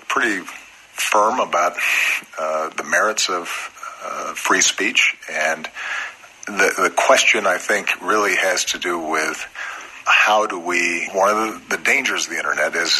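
Deep, measured interview guest. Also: male voice, bright, forceful tone, slightly rough, poor audio. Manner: deliberate, pausing, thoughtful. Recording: played-back interview clip over radio.

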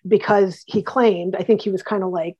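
A woman guest on an interview, telling history anecdotes in a lively way with many restarts. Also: medium pitch, normal speed, slightly rough, highs cut off. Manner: animated, acts out quotes, many restarts. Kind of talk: casual storytelling.

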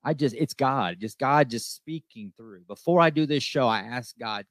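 This recovery-show host speaks at a moderate pace with few pauses, his medium-pitched voice full of emphatic conviction. He keeps repeating the key lines and asking "okay?" in a heartfelt talk recorded without echo.

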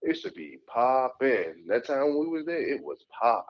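A young man spins a story on a casual podcast, his voice swinging up and down with lively pitch. He talks in loose, profane slang. The audio sounds dull and lo-fi. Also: moderate pace. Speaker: podcast co-host.

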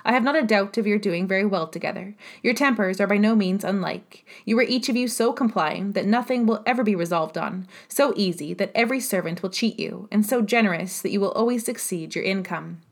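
A woman reading aloud, voicing a dry, ironic older gentleman who speaks slowly and evenly. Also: medium pitch, lightly acted. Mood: wry.

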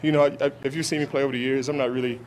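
Man, football player, press scrum answers, halting speech, lots of restarts, outdoor camp, faint background noise. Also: medium pitch, steady tone. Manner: halting, many restarts and fillers.

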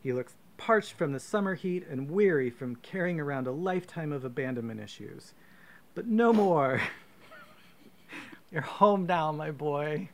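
A man's voice: on the high side, lively intonation, measured pace, voice pushed up. Man doing a gushing, sentimental dad. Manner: effusive, sentimental. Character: overjoyed, gushing middle-aged father.

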